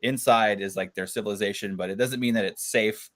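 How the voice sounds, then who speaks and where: A man's voice: fairly low pitch, steady tone, a little fast, a bit bright. Laughing, chatty man hosting a book club. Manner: laughs often, chatty with many fillers. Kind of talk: casual book discussion.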